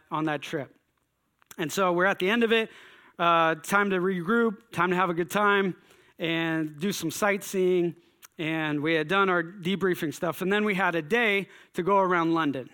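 A man telling a personal story in an animated way, acting out his own thoughts with exclamations. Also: high voice.

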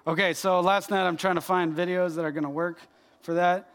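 High-voiced animated male preacher. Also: a little fast, creaky. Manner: animated and emphatic, addressing the room directly. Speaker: pastor. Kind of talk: sermon to a congregation.

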